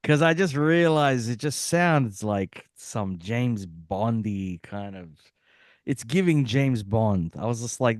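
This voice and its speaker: A young man with a mixed Australian and Bosnian accent talks as a guest musician, tumbling through tangents and asking whether he makes sense. His voice rises and falls with lively swings. The sound is close and dry, with no room around it. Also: medium pitch, slow, dry recording. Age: young adult. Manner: rambling, animated, asks if he makes sense. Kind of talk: casual interview chat.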